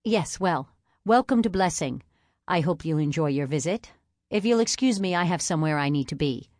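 A woman's voice: low voice, animated, normal speed, darkish tone, dry recording, clean studio sound. A woman voicing a stiff, anxious young pastor. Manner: prim, formal, inwardly anxious.

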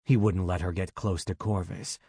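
A man narrating an audiobook in a measured, dramatic way on a close mic. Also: deep voice, steady tone, warm tone, breathy edge, no echo.

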